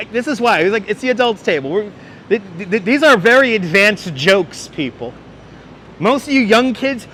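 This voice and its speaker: This walking-tour livestream host has a high-pitched, fairly bright voice. He strolls city streets chatting casually and joking with his viewers, laughing often, and his wireless clip-on mic captures faint city street noise.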